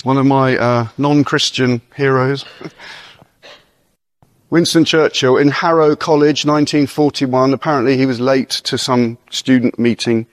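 A man's voice: mid-range voice, steady tone, no room sound. Earnest preacher man, dry close sound. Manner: earnest and encouraging, with informal asides and rhetorical questions; reads verses aloud slowly and deliberately. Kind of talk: conversational sermon with scripture reading.

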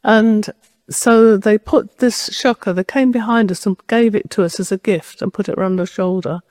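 A woman preaching a sermon at a medium pitch, sharing a personal story as if talking to friends. Her voice is close and dry, with almost no room sound. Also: fairly even intonation, moderate pace, a little mellow, no room sound. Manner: personal storytelling, conversational and direct.

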